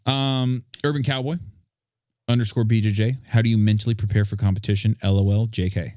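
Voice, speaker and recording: A man's voice: lowish voice, steady tone, fairly quick, darkish tone, no room sound, clean studio sound. A man co-hosting a podcast in casual, profane chat, telling long rambling stories full of fillers. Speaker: podcast co-host.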